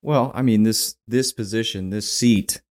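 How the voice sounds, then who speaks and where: Man, very low voice, casual podcast host, laid-back. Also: a little slow, darkish tone. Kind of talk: casual chat.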